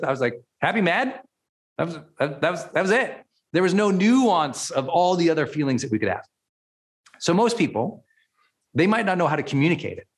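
A man hosting a motivational podcast and teaching as a coach. He speaks emphatically, repeats key words and often checks in with "right?". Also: medium pitch.

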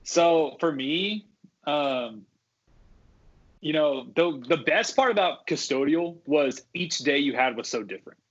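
A man's voice: fairly high pitch, animated, measured pace, husky, dull audio. A man on a podcast, casually recounting stories from his old custodial job, full of fillers and restarts. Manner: rambling, many fillers and restarts. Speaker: guest, former theme park custodian.

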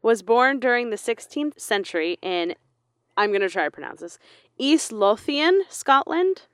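A woman's voice: mid-range voice, animated, normal speed, a bit bright, smooth, no room sound, clean studio sound. A young woman co-hosting a podcast, laughing often as she reads a true crime story aloud in casual chat. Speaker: podcast co-host.

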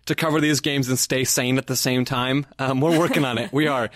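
A man's voice: mid-range voice, steady tone, fairly quick, a bit bright, dry recording, clean studio sound. Easygoing man hosting a soccer podcast. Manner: easygoing, laughs often, leads the talk. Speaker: podcast co-host. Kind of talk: casual soccer podcast chat.

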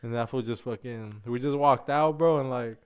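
A young man with a smooth, resonant voice chats loosely as a podcast co-host. He rambles through anecdotes full of slang and swearing, calling everyone "bro." His pitch sits in a middling register. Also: moderate pace. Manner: slangy and profane, peppers speech with "bro" and "dude". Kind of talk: casual chat, storytelling.

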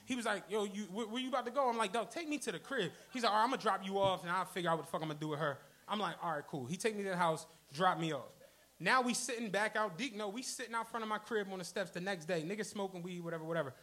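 With a very high, bright, forceful voice at a quick pace, a podcast co-host delivers a profane story to a live audience. He's animated on the comedy club stage, taking on the voice of each person he quotes.

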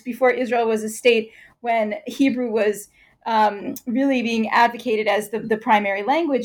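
A woman answering interview questions in a measured, explanatory way. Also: on the high side. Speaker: scholar guest.

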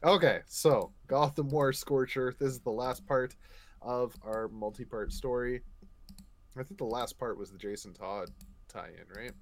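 A man's voice: medium pitch, measured pace, a little hiss or hum. A man co-hosting a casual comic book podcast, playful, laughing often and swearing freely. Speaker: podcast co-host.

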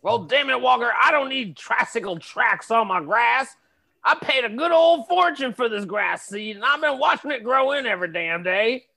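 A man's voice: very high voice, animated, moderate pace, vocal fry, sharp tone, voice pushed up, full character voice. A man voicing a grumpy neighbor guarding his lawn, cranky and cursing.

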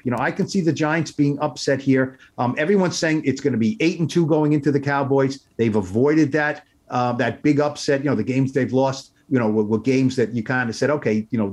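A man's voice: mid-range voice, darkish tone. Rambling male podcast co-host. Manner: rambling, hesitant, full of restarts. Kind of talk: casual sports podcast chat.

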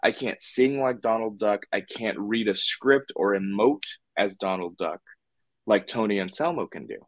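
A man's voice: fairly low pitch, moderate pace, dry recording. A man talking as a puppeteer guest in a casual interview, rambling with lots of fillers and restarts.

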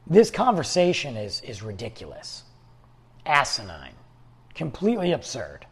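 Husky guy rambling on his podcast, chatty and loose, kinda raspy. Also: mid-range voice, huge pitch swings, a little slow, a bit bright. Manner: rambling, conversational storytelling. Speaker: podcast host. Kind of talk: casual solo talk.

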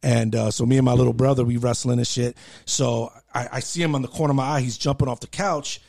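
A man's voice: mid-range voice, fast, creaky. A young adult man in casual podcast chat, telling stories with lots of laughter and acted-out quotes. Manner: animated storyteller, laughs often, acts out quotes.

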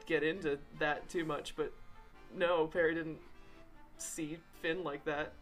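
A playful woman co-hosting a game podcast, reading out listener questions with plenty of giggles. Her voice sits a little low, with faint music running underneath. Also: fairly even intonation, takes it slowly. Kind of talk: casual chat.

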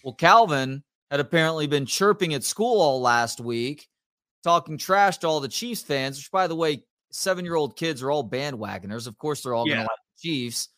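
A man's voice: on the high side, normal speed, no room sound. A man, co-hosting a casual sports talk show and animatedly retelling stories about his kids. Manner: storytelling, animated retelling of family anecdotes. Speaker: podcast co-host.

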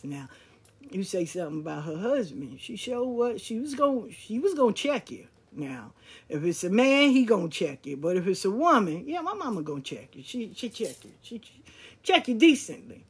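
A podcast host telling a family story in a relaxed, conversational, slangy way. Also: medium pitch, breathy edge. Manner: conversational, relaxed, slangy, with lively quoted dialogue. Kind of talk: casual storytelling monologue.

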